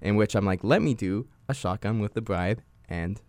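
A man's voice: lowish voice, normal speed, darkish tone, no echo. A young man in his twenties co-hosting a podcast, telling rambling stories in casual chat, full of fillers and restarts. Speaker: podcast co-host.

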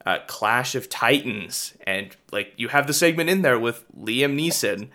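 A man's voice: mid-range voice, lively intonation, unhurried, pushed and bright. A man talking in a hesitant casual chat, often trailing off mid-thought.

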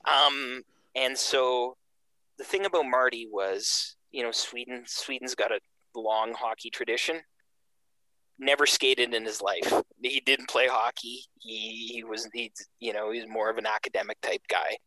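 A man from Canada telling a casual story with animated energy, acting out the voices of the people in it. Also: mid-range voice, unhurried, no echo, rough recording. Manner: animated, acts out quoted voices.

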